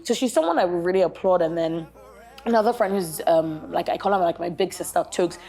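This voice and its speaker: Young nigerian woman telling a story, low mellow voice, lots of like and literally. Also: fairly quick. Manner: animated storyteller who often says "like" and "literally". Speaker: guest bride. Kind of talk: casual chat.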